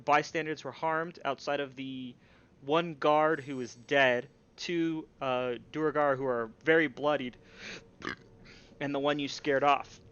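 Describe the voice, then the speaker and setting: A man's voice: fairly high pitch, fairly even intonation, a little slow, fairly bright tone, clear, resonant tone. A man narrating a tabletop game as game master, casual and rambling with many fillers. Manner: rambling, lots of fillers and restarts. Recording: dull lo-fi stream audio.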